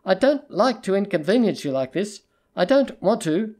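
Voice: mid-range voice, sing-song, normal speed, darkish tone, pitched above the performer's own voice, lightly acted. A storybook reader voicing a distraught young woman who pleads and threatens in a tense, urgent way. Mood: pleading.

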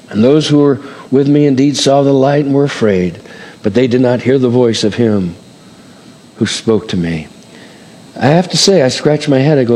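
A man's voice: mid-range voice, expressive, moderate pace, darkish tone, in a large hall. A man preaching a sermon, reading scripture aloud and acting out the voices with dramatic swings and chuckles. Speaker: pastor.

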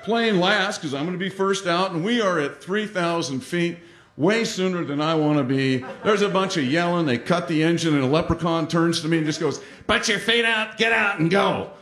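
A man telling a funny personal story on stage, animated and self-mocking, acting out the lines of the people in it. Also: a little high, normal speed. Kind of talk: live comic storytelling. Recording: roomy hall with audience laughter.

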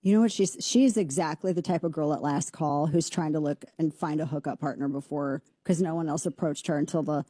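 A woman hosting a talk show, giving a brash, sarcastic and animated opinion monologue. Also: low-pitched, a little fast, few pauses, dry recording. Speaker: radio talk show host.

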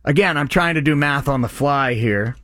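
A middle-aged man hosting a live radio charity appeal, eagerly thanking callers by name and stumbling over his words when excited. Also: medium pitch, normal speed, dry recording, studio quality. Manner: excitable, names donors with loud bursts of enthusiasm; stutters and restarts when excited. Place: radio studio.

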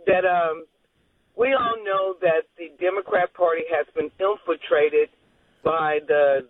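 A woman calling in to a radio show, rambling, repeating herself and restarting phrases as she talks. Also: lowish voice. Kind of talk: phone-in call. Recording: tinny phone line.

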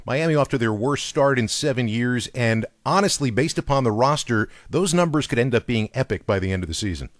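A man hosting a scripted radio football preview in a brisk presenter style. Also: mid-range voice, expressive, dry recording. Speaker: sports show host.

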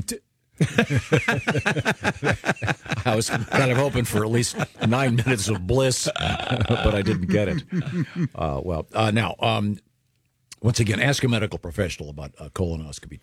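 Low-voiced folksy male host, dry sound. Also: moderate pace, long pauses, slightly rough, no echo. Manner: folksy, rambling storyteller with many fillers. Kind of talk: casual chat.

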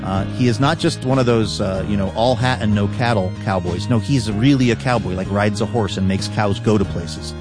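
A man's voice: fairly low pitch, fairly quick, hardly any pauses. Upbeat male radio host over music. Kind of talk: scripted radio hosting.

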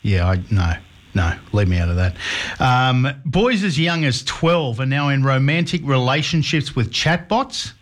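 A man's voice: medium pitch, animated, unhurried. Middle-aged male radio host, casual and wry, trips over his words a bit. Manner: chatty, hesitant restarts, wry asides.

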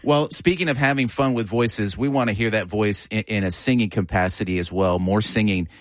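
A man's voice: lowish voice, fairly quick, no echo, clean studio sound. Enthusiastic man in his fifties hosting. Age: 50s. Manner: enthusiastic, effusive. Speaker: host. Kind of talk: interview.

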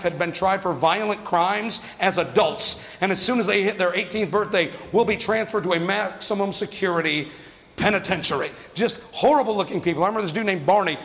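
A man doing stand-up comedy, telling a story fast and animatedly and acting out the voices of the people in it. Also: sits high, a bit bright, big-room sound. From New Mexico.

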